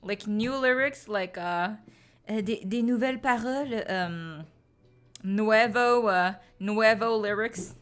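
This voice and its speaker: A woman's voice: medium pitch, slow pace. A young woman chatting casually and playfully with her stream viewers, full of slang and laughter.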